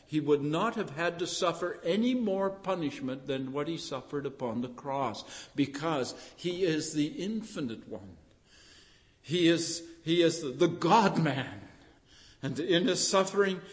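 A man preaching a sermon with fervent emphasis that builds to loud, emphatic peaks. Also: fairly high pitch, lively intonation, takes it slowly, big-room sound.

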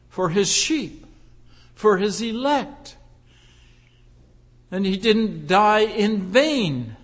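A man preaching a sermon in an earnest, emphatic way, with frequent pauses and fillers. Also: sits high, a bit bright. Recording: long hall reverb.

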